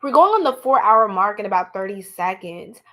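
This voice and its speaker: A young woman from the United States reads tarot on a live stream in a mid-range voice at normal speed. Chatty and animated, she speaks straight to the people watching, calling them "y'all."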